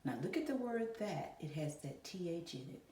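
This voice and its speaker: Low-voiced woman teaching young children. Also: lively intonation, moderate pace, dark tone, slight background noise. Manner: encouraging, talks directly to children with questions. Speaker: kindergarten and first grade teacher. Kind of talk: virtual classroom lesson. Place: classroom. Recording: echoey room, voice a bit far from mic.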